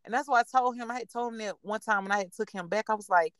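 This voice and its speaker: A woman's voice: mid-range voice, fast, few pauses, smooth, no echo. A woman in her twenties, a podcast host, telling stories in casual chat, blunt and profane, acting out what others said. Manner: profane, blunt, vents with quoted dialogue.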